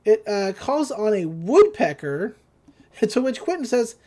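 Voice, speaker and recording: A woman hosting a podcast, recapping a cartoon episode in casual chat, with frequent laughs and quick quoted asides. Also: mid-range voice, big pitch swings, dark tone. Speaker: podcast host.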